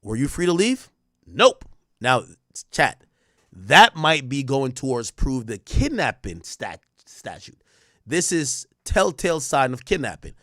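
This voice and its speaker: Male streamer, casual commentary, lively swinging pitch, dry close sound, reads testimony and riffs on it. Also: unhurried, no echo. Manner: animated, reads testimony aloud and riffs on it with slang. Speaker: stream host recapping a trial.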